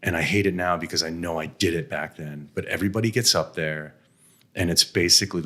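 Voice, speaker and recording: A man's voice: deep voice, fairly quick, sharp tone. A middle-aged American man, blunt and self-deprecating, telling candid stories about his career with frequent laughs and some mild swearing. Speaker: interview guest, venture investor. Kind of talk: candid conversational storytelling.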